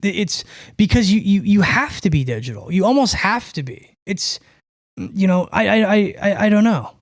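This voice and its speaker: A man hosting a podcast with a fairly high voice, talking in a loose, rambling monologue. He swears now and then and keeps checking in with "right?". The sound is close and dry. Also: big pitch swings, normal speed, dry recording. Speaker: podcast host. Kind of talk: casual monologue.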